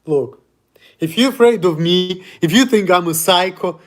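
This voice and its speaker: Man, casual home vlog; blunt, defiant rant, swears freely, laughs at himself, voice a touch high. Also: normal speed.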